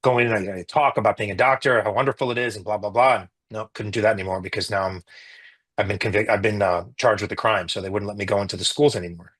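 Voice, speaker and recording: Man, middle-aged, husky voice, emotional interview account, halting, restarts. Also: on the low side, fairly even intonation, fairly bright tone, rough recording. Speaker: interview guest, physician.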